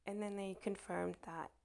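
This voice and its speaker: A woman with a deeply creaky, gravelly voice tells a meandering personal story. She talks haltingly with many fillers and restarts, often sinking into a soft whisper.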